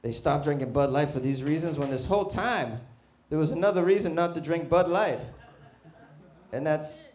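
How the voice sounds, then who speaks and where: A man doing a stand-up comedy set, brash and profane, bursting into loud shouts. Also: on the high side, lively intonation, normal speed. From Boston. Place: comedy club stage.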